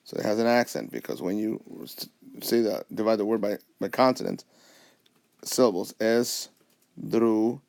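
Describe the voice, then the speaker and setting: A man with a lowish, gravelly voice talks through a recorded whiteboard lesson. He explains patiently, step by step, and keeps checking in with his listeners. It sounds like a teacher at a tablet. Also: lively intonation, fairly quick, a little mellow. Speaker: Spanish teacher.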